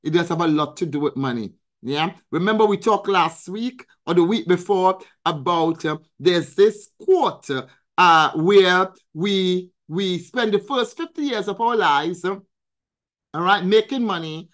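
A woman coach talks to her live viewers about money and well-being. She speaks slowly and deliberately, with emphatic, preacherly repetition. She reads out names from the chat and answers them as she goes. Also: on the low side. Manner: emphatic and preacherly, repeating phrases and calling out to viewers. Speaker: financial coach hosting a weekly live. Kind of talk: motivational live-stream talk.

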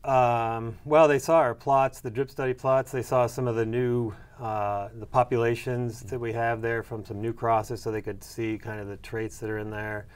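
A man's voice: mid-range voice, level tone, moderate pace, hardly any pauses, smooth. A middle-aged man answering interview questions about his research, hesitant with many fillers and restarts. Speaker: soybean breeder and agronomy professor.

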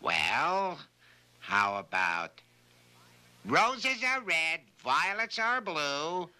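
A man playing a helpful friend who offers slow, dry suggestions in a 1970s TV sketch. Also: a little high, sing-song, sharp tone, smooth, exaggerated voice.

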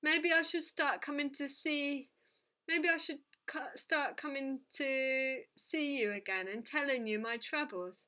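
A tired man perks up and promises eagerly in a raised, bright voice, played by a woman reading a storybook. His tone stays reassuring and forceful. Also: high-pitched, a little slow, voice pushed up. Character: weary, cheered-up adult man making promises.

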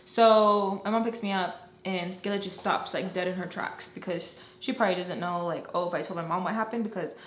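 A woman's voice: lowish voice, steady tone, a little fast, few pauses. A young woman chatting casually as she tells a personal story, emphatic and acting out quoted lines. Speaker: storytelling vlogger. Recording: roomy with faint ambient noise.

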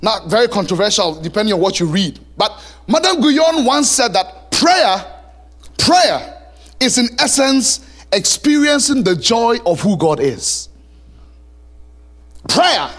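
High-voiced, animated male preacher. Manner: animated preaching, sings song lyrics and plays voices. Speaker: pastor. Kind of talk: sermon. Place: church.

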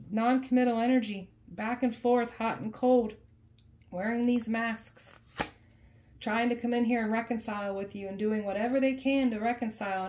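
This tarot reader chats with her viewers during a casual reading, stressing her points and saying the same phrases again and again. Her voice is fairly high and a little mellow.

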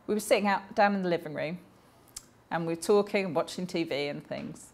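A woman's voice: fairly low pitch, a little fast, vocal fry, a little mellow. A woman, voicing a deaf speaker's personal stories aloud in a chatty, anecdotal way, with small self-corrections along the way.

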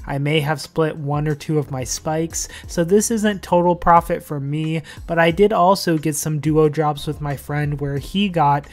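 A man's voice: fairly high pitch, steady tone, unhurried, few pauses, a little mellow. A man hosting a gaming vlog in a loose, chatty way, full of fillers, speaking into a desk microphone. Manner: chatty, loose, heavy on "like" and "you know". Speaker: gaming channel host. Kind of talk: casual game commentary vlog.

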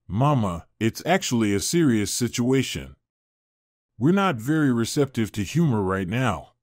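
A man's voice: medium pitch, very animated, unhurried, darkish tone, no echo, clean studio sound. A man voicing a polite, concerned young man who is helping a lost girl, in an earnest, courteous tone.

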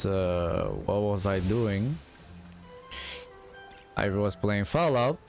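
A man's voice: lowish voice, expressive, very slow, faint music behind. A sleepy, yawning man streaming a game, rambling to himself in casual gameplay commentary. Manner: rambling, talks to himself while playing. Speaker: gaming streamer.

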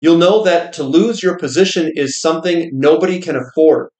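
Casting: man voicing dignified old trader, formal and stubborn, fairly high voice, roomy sound. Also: moderate pace, darkish tone, close to an everyday voice. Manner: formal, old-fashioned address. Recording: roomy echo.

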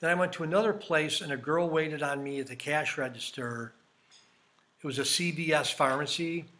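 Chatty man with a bright voice. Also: fairly high pitch, normal speed. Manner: chatty, rambling anecdotes with quoted dialogue. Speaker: crypto YouTuber. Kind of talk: casual storytelling vlog.

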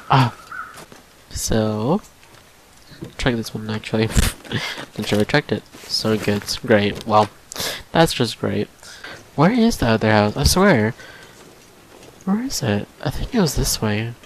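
Late at night, a drained young gaming channel host plays through a casual let's-play, speaking slowly at a medium pitch. He mumbles to himself with sighs and nervous laughs, and some faint background noise is audible.

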